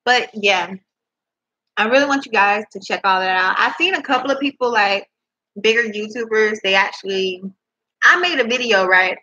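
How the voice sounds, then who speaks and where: A young woman talks straight to her laptop at home, rambling and chatty between bites of food. Her voice is bright and a little husky, and the laptop mic makes the sound muffled and lo-fi. She now and then breaks into disbelieving curses. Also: mid-range voice. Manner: chatty, rambling, eating while talking, swearing in disbelief. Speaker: vlogger. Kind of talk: casual chat to camera. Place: at home indoors. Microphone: laptop microphone.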